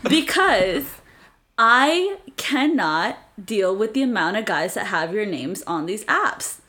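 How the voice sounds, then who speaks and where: A woman's voice: mid-range voice, sing-song, slow, pushed and bright. A young woman co-hosting a podcast, telling a story in a playful, teasing way. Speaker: podcast co-host. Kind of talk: casual podcast chat.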